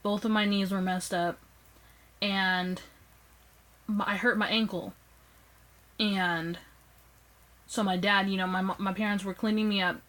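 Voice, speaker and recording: Young woman, casual storytelling to camera, phone recording, lively voice, mid-pitched. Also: a little slow, long pauses, rough recording. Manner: animated, acts out quoted lines with raised pitch. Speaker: vlogger.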